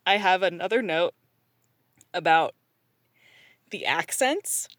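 A woman's voice: on the low side, lively intonation, slow pace, a bit bright. A woman in casual chat, ranting in exasperation and laughing often.

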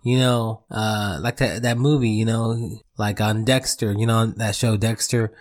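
A young man with a lowish voice chats loosely on a podcast. He talks in a relaxed, rambling way, full of swearing and casual slang. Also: a little slow. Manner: laid-back, swears a lot, says bro and dude. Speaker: podcast co-host. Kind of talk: casual chat.

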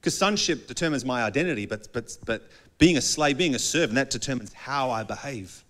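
A man's voice: mid-range voice, animated, a little fast, fairly bright tone. Conversational man preaching a sermon. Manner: conversational preaching, often acting out little dialogues. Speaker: pastor.

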